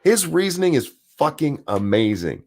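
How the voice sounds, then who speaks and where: A man's voice: a little high, sing-song, normal speed, a little mellow. A man hosting a live stream, reading news articles aloud and ranting about them with sarcasm and profanity.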